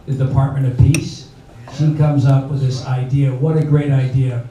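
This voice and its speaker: A man's voice: a little high, fairly even intonation, normal speed, mellow. Rambling older man emceeing a live crowd. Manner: rambling, chatty, many fillers. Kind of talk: live event hosting. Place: indoor bar venue. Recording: echoey room from far off with crowd noise.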